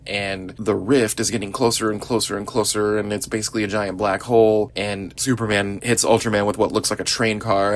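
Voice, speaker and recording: A man's voice: on the low side, fairly bright tone. Earnest middle-aged man reviewing a movie. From Southeast Missouri, US. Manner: earnest, enthusiastic, rambling. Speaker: podcast host.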